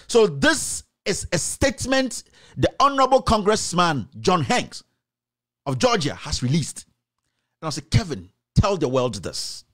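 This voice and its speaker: A man's voice: sits high, sing-song, measured pace, fairly bright tone. A man with a Ghanaian accent giving heated political commentary, scolding and emphatic, mixing in Twi phrases.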